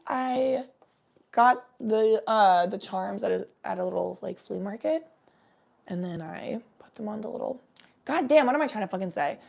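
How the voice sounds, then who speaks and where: Gravelly-voiced young woman chatting casually. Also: mid-range voice, lively intonation, moderate pace, a little mellow. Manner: rambling, swearing, laid-back chat with viewers. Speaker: livestream host. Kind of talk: casual chat.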